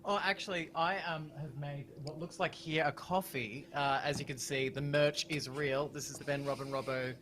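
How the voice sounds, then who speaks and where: A man's voice: a little high, steady tone, moderate pace, hardly any pauses, a bit bright. A man from Melbourne co-hosting a chat show, chatty, teasing and a little self-mocking. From Melbourne, Australia. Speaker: co-host. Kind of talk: casual chat.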